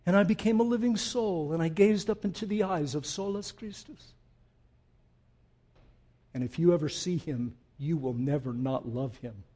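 Emphatic high-voiced male preacher. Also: expressive, moderate pace. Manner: emphatic, rising to loud peaks then dropping low and intimate; asks the congregation direct questions. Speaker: pastor. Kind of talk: sermon.

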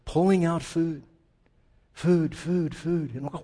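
A male pastor preaching a sermon, telling humorous family stories with lively, dramatic delivery. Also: a little high. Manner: animated, humorous storytelling, dramatic slowdowns.

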